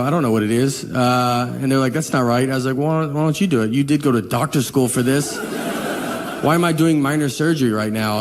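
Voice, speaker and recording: Guy doing standup, dry deadpan, kinda high voice, noisy live recording w laughs. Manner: deadpan, halting storytelling. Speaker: stand-up comedian. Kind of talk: stand-up routine. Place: comedy stage with audience. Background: audience laughter.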